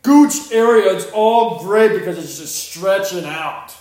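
A man's voice: high voice, unhurried, a little mellow. A man teasing his friend with crude banter in casual chat, laughing often. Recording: echoey room.

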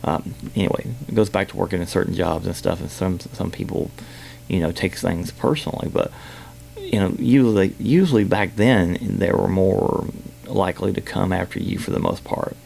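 A man hosting a podcast, telling a personal story in a halting way with many fillers and restarts. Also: deep voice, gravelly, darkish tone, slight background noise. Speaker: podcast host.

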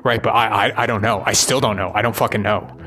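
A man's voice: fairly low pitch, steady tone, quick pace, bright, forceful tone. A rambling, profane man venting. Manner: profane, ranting, keeps asking "right?". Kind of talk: rambling monologue.

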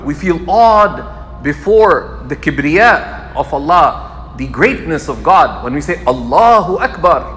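A man teaching a religious lecture, expressive and repeating key phrases for emphasis. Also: fairly high pitch, in a large hall, slight background noise. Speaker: Islamic scholar teaching. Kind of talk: lecture sermon.

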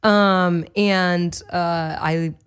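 A woman's voice: lowish voice, steady tone, drawn-out words, smooth. A young woman, an actor and voice-over artist, chatting casually as a podcast guest in a bubbly way, full of "like". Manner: chatty, bubbly, heavy use of "like". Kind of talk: casual chat.

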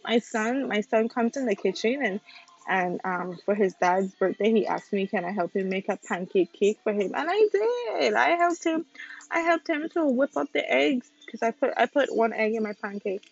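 A young woman hosts a casual opinion podcast from home with family nearby, speaking straight to her listeners in an emphatic, ranting monologue. Her voice is on the high side, creaky with a breathy edge and lively intonation, at a normal speed. The sound is slightly dull and lo-fi.

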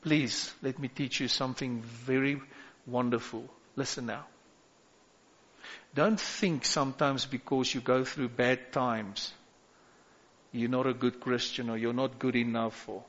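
Male pastor, sermon delivery, slow and deliberate, lo-fi hall recording. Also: mid-range voice, flat delivery, a bit bright. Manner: preaching with rising exhortations and call-outs. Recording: echoey hall, dull lo-fi sound.

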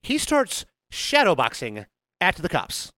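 A man's voice: sits high, huge pitch swings, measured pace, sharp tone, dry recording. A man telling a story in casual chat, acting out the quotes and laughing often.

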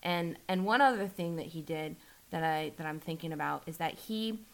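A woman's voice: normal speed, vocal fry. A woman talking candidly in a casual conversation, restarting often and acting out quoted lines with a lifted voice. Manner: animated, acts out quotes with rising pitch, restarts often.

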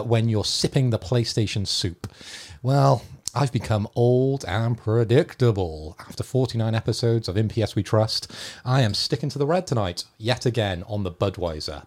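A man's voice: on the low side, a little mellow. A man co-hosting a gaming podcast, bantering playfully in a mock-formal way. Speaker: podcast co-host. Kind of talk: casual chat.

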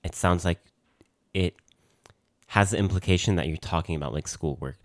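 A young man co-hosting a casual podcast, with a very low voice recorded dry and close. He talks thoughtfully, often stepping in to clarify or reframe a point. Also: normal speed, no room sound. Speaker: podcast co-host. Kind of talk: casual chat.

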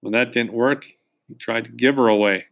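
A man narrating a children's book in the first person, with steady, dry storytelling. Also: mid-range voice, normal speed, creaky. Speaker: audiobook narrator.

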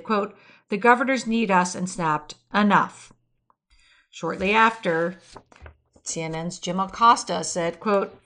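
A woman's voice: fairly low pitch, fairly bright tone. A woman hosting a weekly news show, reading quotes aloud and adding brief asides. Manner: reads quotes aloud, adds occasional asides with fillers. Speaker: podcast host reading weekly political news. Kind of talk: read-aloud news commentary.

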